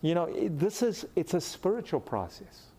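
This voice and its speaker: A man's voice: sits high, sing-song, moderate pace, dark tone, husky. A middle-aged man from Africa giving a sermon, telling a personal story with animation and acting out the quoted lines. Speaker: pastor.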